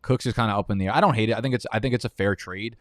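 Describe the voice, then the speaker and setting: A man's voice: fairly low pitch, very fast, no echo, studio quality. A man hosting a live fantasy football draft stream, talking in a profane, heated, rambling way.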